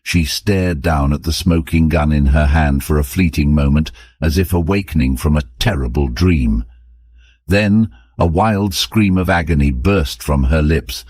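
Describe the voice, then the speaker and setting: A man narrating an audiobook story for English learners in a clear, even storytelling manner. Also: rumbling low, measured pace, no echo.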